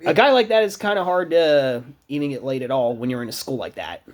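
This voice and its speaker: A young man hosting a podcast, telling stories in a casual, profane, animated way. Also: mid-range voice, fairly quick.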